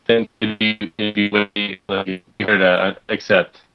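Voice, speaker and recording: A man co-hosting a podcast with a lowish voice, calling in over a phone app. The line sounds dull and lo-fi. He mostly drops short interjections and quick questions. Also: level tone, clean tone, soft background music. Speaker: podcast co-host. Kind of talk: casual chat.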